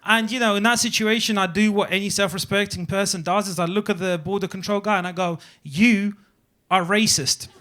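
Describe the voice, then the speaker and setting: A man's voice: high-pitched, fast talker, few pauses. A young man performing a stand-up comedy set on a club stage, telling stories and acting out the people in them. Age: young adult. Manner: animated storytelling, acts out quoted voices.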